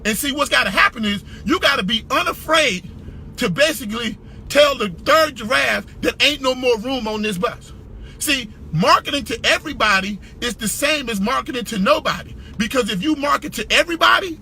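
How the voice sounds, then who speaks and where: A man giving a motivational business talk, emphatic and repetitive, shouting for emphasis and calling out to the audience. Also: extremely high pitch, animated, a little fast, a little hiss or hum. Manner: preacher-like call-and-response. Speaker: business speaker.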